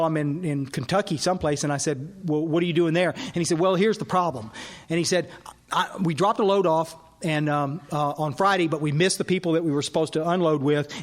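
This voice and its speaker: Man, workshop speaker, animated storytelling, acts out dialogue, higher voice. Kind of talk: storytelling talk at a recovery workshop. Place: workshop hall.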